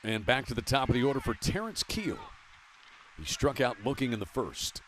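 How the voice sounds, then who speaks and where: A man calling college baseball play-by-play with a brisk delivery that rises on big plays. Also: medium pitch, very animated, fairly bright tone. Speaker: play-by-play announcer. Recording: noisy ballpark broadcast.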